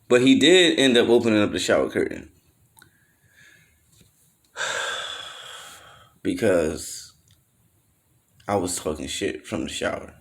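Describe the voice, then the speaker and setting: A man with a lowish voice spins a rambling personal story, swearing freely and leaning on slang. He slips in and out of other people's voices as he talks. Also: creaky. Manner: loose slangy storytelling, acts out quotes in raised voices; swears freely, trails off with fillers. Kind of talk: casual storytelling monologue.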